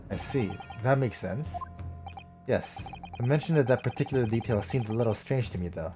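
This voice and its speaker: A man's voice: medium pitch, normal speed. Male streamer doing all the dialogue voices in a game playthrough; faint game music underneath. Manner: switches between character voices, excitable reactions.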